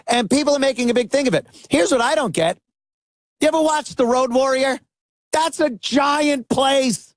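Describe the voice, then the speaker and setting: A man guest-hosting a talk-radio show, giving a sarcastic, animated opinion monologue. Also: very high-pitched, normal speed, no echo, raised voice, studio quality.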